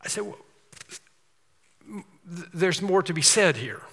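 Male preacher, slightly high, bright forceful voice, emphatic sermon delivery with long hall reverb. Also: expressive, a little slow, gravelly, slightly rough. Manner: emphatic, repetitive preaching with rising intensity.

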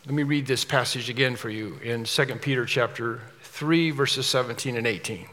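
A man's voice: mid-range voice, moderate pace, hardly any pauses, sharp tone, long reverb tail. A male pastor preaching an expository sermon in a church, emphatic and repeating key words for stress.

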